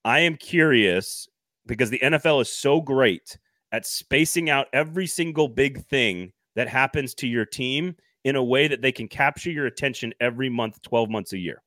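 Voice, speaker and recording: A man's voice: medium pitch, normal speed, bright, forceful tone, no room sound, studio quality. A man hosting a casual sports podcast, thinking aloud and hedging his points. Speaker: podcast host.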